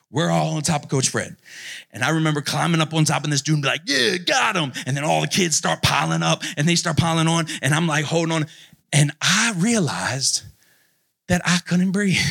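A high-pitched male pastor preaching to students at a retreat. He tells a story with lots of energy, then sinks his voice low and slow when he makes the point. He sounds like a man in his thirties, casual and direct with his listeners. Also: vocal fry, fairly bright tone. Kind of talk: sermon with personal story. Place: youth retreat hall.

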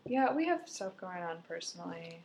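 A woman's voice: fairly low pitch, big pitch swings, normal speed, a little mellow. A woman co-hosting a podcast, chatting casually, laughing often as she tells stories. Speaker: podcast co-host. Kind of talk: casual chat.

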